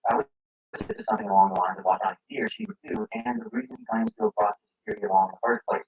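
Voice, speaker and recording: A man's voice: fairly low pitch, wildly swooping pitch, racing, gravelly, darkish tone, slight background noise, rough recording. A man reading scripted commentary and building his case through rhetorical questions. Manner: argumentative, poses rhetorical questions. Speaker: commentary narrator.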